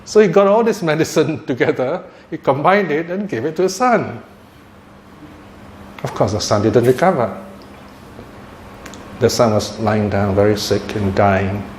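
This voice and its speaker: A man and Buddhist teacher telling a religious story in a talk, with lively chuckling asides. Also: mid-range voice, measured pace, long pauses. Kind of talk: sermon-style storytelling talk. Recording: echoey room with faint noise.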